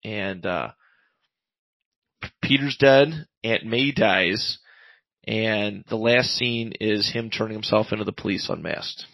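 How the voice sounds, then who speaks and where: A man with a gravelly, fry-edged voice talks through a comic plot in a loose, rambling way, stopping often on ums and uhs. He sounds close and dry, with no room around him. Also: on the low side, slow pace, a bit bright, dry recording, poor audio. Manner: rambling recap full of fillers, paraphrasing lines. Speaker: podcast co-host reviewing comics. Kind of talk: casual chat recapping a comic.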